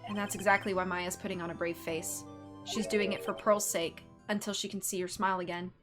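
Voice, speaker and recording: A woman voicing a composed young male prosecutor in a measured, formal manner, as a dramatic game reading. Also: mid-range voice, level tone, over music, pitched below the performer's own voice, lightly acted. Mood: solemn.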